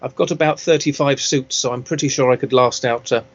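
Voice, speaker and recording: A man's voice: medium pitch, fairly even intonation, a little fast, dull audio. A man being interviewed in a casual chat, hesitant and self-deprecating, often trailing off. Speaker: interviewee, steampunk maker. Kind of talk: casual video-call interview.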